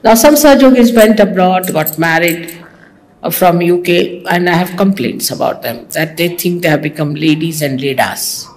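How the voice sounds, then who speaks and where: A woman's voice: on the low side, moderate pace, darkish tone, low-quality recording. A woman giving a sermon to her followers, teasing and scolding with humor. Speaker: spiritual teacher.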